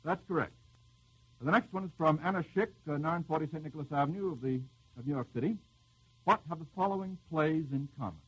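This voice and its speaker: A man hosting a live radio quiz show, teasing the panel with quick jokes as he reads out the questions. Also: on the high side, a bit bright, breathy edge, highs cut off.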